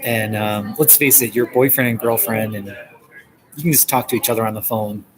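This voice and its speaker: A man's voice: fairly low pitch, steady tone, moderate pace, a crowd in the background, rough recording. A man with a New Jersey accent chatting casually on a live stream, joking and answering viewers. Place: coffee shop.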